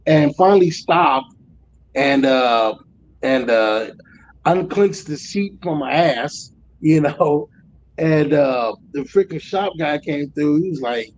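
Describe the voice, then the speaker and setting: Profane, animated trucker man in his forties. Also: a little high, measured pace, lo-fi sound, a little hiss or hum. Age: 40s. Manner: profane, animated storytelling with loud acted outbursts. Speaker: guest, truck driver. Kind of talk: casual storytelling chat.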